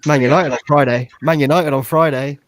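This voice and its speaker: A man co-hosting a live stream in casual banter, relaxed and repeating himself, dropping "man" at the ends of his phrases. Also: a little high, fairly quick. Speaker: livestream co-host.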